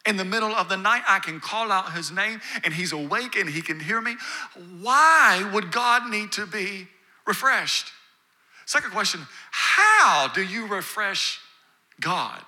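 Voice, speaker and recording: Man, pastor, sermon, high voice, builds through repeated phrases. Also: animated, a little slow, bright, forceful tone. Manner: preaching with rising emphasis and repetition.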